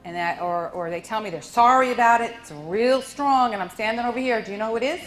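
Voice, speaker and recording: A woman working as a medium, relaying messages to audience members in a soft, tender, soothing manner with endearments. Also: on the high side, quick pace, slight background noise, rough recording. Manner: soft, soothing, tender, calling people honey and sweetheart. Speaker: medium at a public reading. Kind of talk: live spirit reading to an audience.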